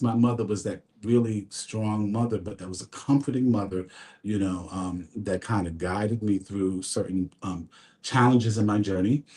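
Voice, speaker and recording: Low mellow-voiced man telling his story. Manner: storytelling, earnest, faith-filled. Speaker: fashion designer and guest. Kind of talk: radio talk show interview. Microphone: studio mic.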